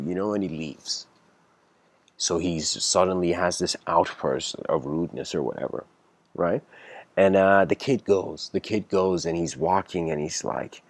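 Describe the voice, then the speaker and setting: A man's voice: sits low, measured pace, no echo. A young man giving a casual spoken lecture, rambling with many fillers and restarts and voicing the people in his story. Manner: acts out characters in the story with raised voice.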